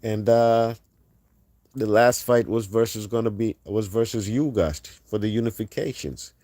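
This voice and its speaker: Trash-talking male boxing streamer, low voice. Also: a little slow, dry recording. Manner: animated, trash-talking, reads chat aloud. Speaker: boxing livestream host. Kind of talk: casual livestream commentary.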